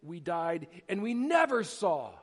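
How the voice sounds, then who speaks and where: Long hall reverb fills this recording of a middle-aged male pastor giving a sermon in a church sanctuary. He speaks unhurriedly in a high-pitched voice, telling animated stories and repeatedly starting over.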